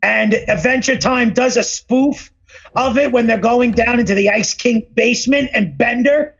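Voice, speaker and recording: A man's voice: very high voice, normal speed, vocal fry, fairly bright tone, husky, lo-fi sound. A man co-hosting a casual podcast chat, crude and rambling, now and then mimicking celebrity voices. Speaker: podcast co-host.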